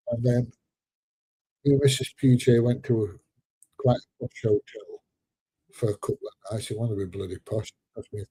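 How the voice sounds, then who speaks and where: A seventy-year-old Englishman, a little bunged up, talks in a loose, joking way on his live stream. His voice is deep, mellow and very husky. The sound is close and dry, with no room around it. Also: no room sound. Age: 70s. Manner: chatty and joking, laughs often, drops into slang. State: a bit congested. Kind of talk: casual live-stream chat reading viewer comments.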